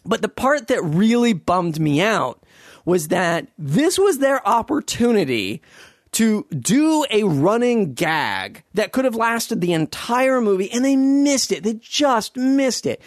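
A man rants his way through a casual monologue, sarcastic and profane, circling back on himself as he goes. His voice sits high for a man. The recording is dry, with no room sound. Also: no room sound.

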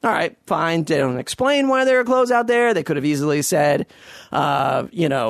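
A man's voice: a little high, big pitch swings, moderate pace, gravelly, no room sound, studio quality. A man in a casual monologue, ranting in a sarcastic, profane and rambling way.

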